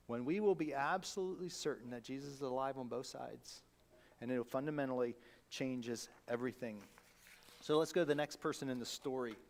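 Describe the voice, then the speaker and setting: A man preaching a sermon as pastor, conversational and animated, acting out the people he quotes. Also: mid-range voice.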